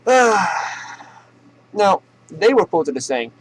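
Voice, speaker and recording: A man's voice: medium pitch, animated, a little slow, long pauses, slight background noise, poor audio. A man hosting a comedy news show, ranting sarcastically and profanely and laughing at his own jokes.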